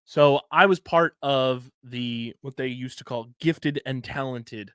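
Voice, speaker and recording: Philly dude in his 30s, slow drawn out talk, cussing thru a story, dry close mic. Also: mid-range voice, clear, resonant tone, dry recording. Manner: animated storytelling, swearing, spells words letter by letter. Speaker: podcast co-host. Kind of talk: casual podcast banter.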